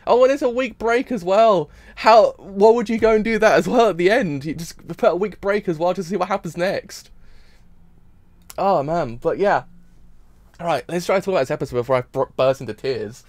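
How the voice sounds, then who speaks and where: A man's voice: high-pitched, normal speed, dry recording. A man reacting to an anime episode in a casual stream, rambling and repeating himself while crying. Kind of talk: emotional casual reaction talk.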